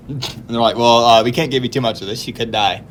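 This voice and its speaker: A man's voice: medium pitch, fairly quick, a little hiss or hum. Man telling stories with laughs. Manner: animated, laughs through his stories. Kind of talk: casual storytelling chat.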